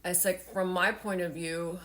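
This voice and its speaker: A woman's voice: on the low side, fairly even intonation, unhurried, bright, forceful tone. A woman in her forties telling a personal story in a heartfelt, rambling way with many fillers, tearful at times. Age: 40s. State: tearful, emotional.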